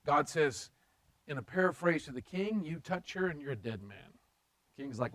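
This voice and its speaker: A man's voice: on the high side, animated, moderate pace, a bit bright, rough recording. A man preaching a conversational sermon, mixing joking asides with acted-out paraphrases of scripture.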